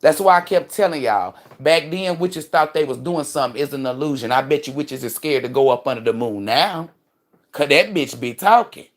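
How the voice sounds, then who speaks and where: A woman's voice: sits low, moderate pace. A woman hosting a livestream, ranting casually in a profane, emphatic and preachy way. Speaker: livestream host and spiritual commentator.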